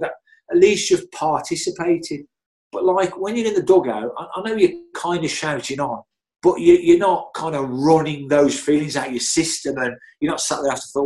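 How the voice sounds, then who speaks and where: A man's voice: on the high side, animated, moderate pace, darkish tone. A middle-aged man, speaking as an interview guest. He spins long, easygoing anecdotes, often circling back with restarts and filler phrases. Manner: chatty, rambling, many "you know"s and restarts. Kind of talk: anecdotal storytelling.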